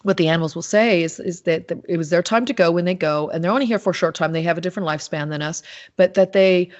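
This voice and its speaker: A woman with a somewhat low voice talks as a podcast guest, rambling through lively anecdotes with plenty of restarts and fillers. The recording sounds muffled and lo-fi. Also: quick pace. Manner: animated storytelling with many restarts and fillers. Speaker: podcast guest, animal communicator. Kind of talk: casual interview talk. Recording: dull lo-fi sound.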